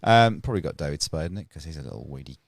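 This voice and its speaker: A man's voice: very deep voice, animated, racing, creaky, dry recording. A man co-hosting a podcast, chatting bluntly with lots of swearing and laughter. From United Kingdom. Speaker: podcast co-host. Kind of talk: casual sweary banter.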